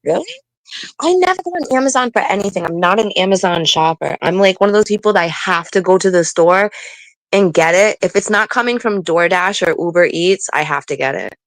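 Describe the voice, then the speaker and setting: A middle-aged woman speaks in a lowish voice, chatty and storytelling, stretching words for emphasis. The recording is dry and close, with no room around her. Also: animated, fairly quick, no room sound, low-quality recording. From New England. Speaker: podcast co-host. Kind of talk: casual chat.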